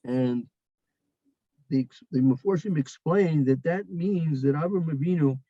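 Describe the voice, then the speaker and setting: Male Torah teacher, raised pitch, loose storytelling lecture full of ums and restarts, dead-dry lo-fi sound. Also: unhurried, warm tone, no room sound. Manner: storytelling, repeats phrases, many fillers and restarts. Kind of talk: weekly Torah portion lecture.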